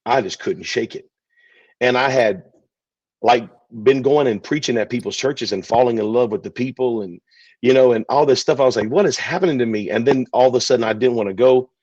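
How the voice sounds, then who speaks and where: A man, a pastor telling his story in an interview, relaxed and chatty. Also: medium pitch, brisk, no room sound. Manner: relaxed, chatty, many fillers. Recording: dull, dry recording.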